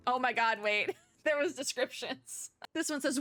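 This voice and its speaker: A young adult woman doing let's play commentary, laughing often and reading the game text aloud between quick asides. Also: mid-range voice, fairly bright tone, dry recording. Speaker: gaming content creator.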